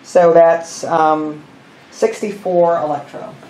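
A man's voice: on the high side, steady tone, takes it slowly, darkish tone. Man, board game host, mutters counts and rules, roomy sound, faint hiss. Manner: thinks aloud, counting pieces and muttering rules. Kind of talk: explaining a board game while playing. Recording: roomy room with faint noise.

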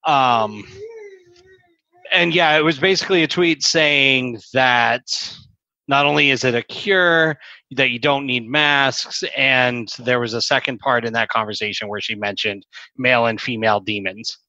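Blunt, bright-voiced man ranting on a podcast. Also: mid-range voice, measured pace, dry recording, dull audio. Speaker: podcast co-host. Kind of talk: casual opinionated chat.

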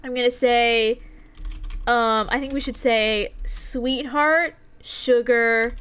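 A young woman live-streaming a farming game, chatty and excitable, often giggling and reacting out loud. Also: fairly high pitch, slow pace, clean tone.

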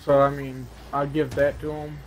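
A man's voice: mid-range voice, flat delivery, normal speed, a little hiss or hum. A man playing a video game and commentating, sarcastic and ranting, swearing often. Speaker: gaming channel host. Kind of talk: casual gaming commentary.

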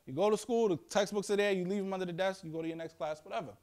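A young man from Yonkers with a New York accent, telling playful, slangy stories as a guest speaker to high school students. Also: rapid-fire. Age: young adult. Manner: animated, slangy, playful storytelling. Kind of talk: storytelling talk to students. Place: school classroom.

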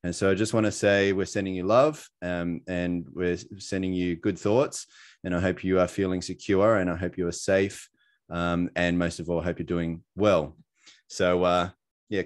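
A man with an Australian accent talks through a presentation on a video call. His voice sits a little low, and he rambles in a friendly way, full of "um" and "you know", with a laugh at his own expense now and then. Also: flat delivery, moderate pace. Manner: chatty, many fillers, laughs at himself. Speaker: presenter sharing his story.

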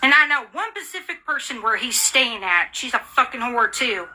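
A woman rants in fury, swearing and repeating the same bitter accusations. Her voice is very bright and sharp, and it sits a little high. She sounds worn out and fed up. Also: a little hiss or hum. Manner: furious, profane, repetitive insults. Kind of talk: angry rant.

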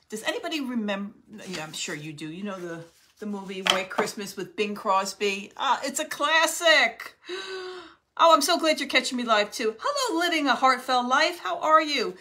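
A middle-aged woman from New Jersey hosting a live crafting stream from her home craft room, chatting and greeting viewers by name. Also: on the high side. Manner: chatty, warmly greets viewers by name, gasps and laughs often. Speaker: craft livestream host.

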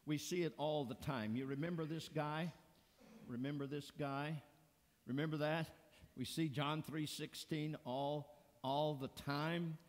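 A man preaching a sermon as pastor in a church sanctuary, earnest and deliberate, pressing hard on key words. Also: on the high side, steady tone. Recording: long church reverb.

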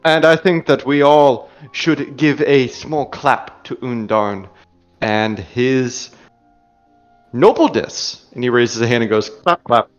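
A man narrating a tabletop game as game master, calm and descriptive. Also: mid-range voice, slow pace, dull audio, soft background music.

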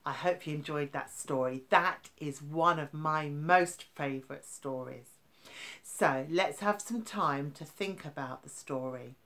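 A woman reads a children's storybook aloud at a slow, unhurried pace. Her voice is bright and a little low-pitched, and she builds up the dramatic moments before dropping to a hush. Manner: expressive, dramatic build-ups and hushed endings. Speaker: story reader.

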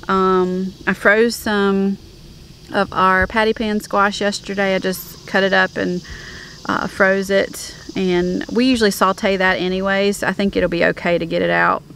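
Gravelly-voiced woman in casual chat. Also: medium pitch, measured pace, a little hiss or hum. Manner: relaxed, hesitant, many ums and restarts. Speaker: homestead vlogger, co-host. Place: outdoors at a garden.

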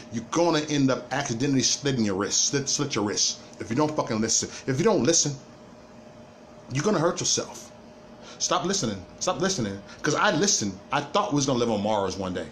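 A man ranting through a livestream monologue. His pitch swings widely as he hammers points home and stammers over restarts. A faint hiss of noise sits under the voice. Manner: emphatic, repetitive, stammering restarts. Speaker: livestream host.

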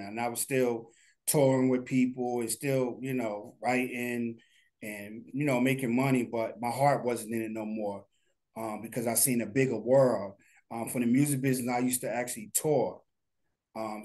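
Laid-back man, rambling interview talk. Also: medium pitch. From New Jersey. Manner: relaxed, rambling, many fillers. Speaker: guest, animation studio founder.

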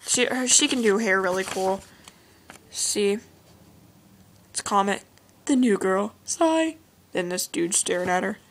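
In poor audio, a teen girl speaks unhurriedly in a mid-range voice, pausing often. She's a vlogger displaying her drawings, rambling and gushing with lots of "like" and "oh my gosh."

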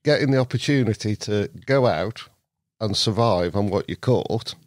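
A middle-aged Englishman with a North Staffordshire accent guests on a podcast, telling stories animatedly in casual chat and laughing often. His voice is on the low side at a moderate pace, captured in studio quality with no echo.

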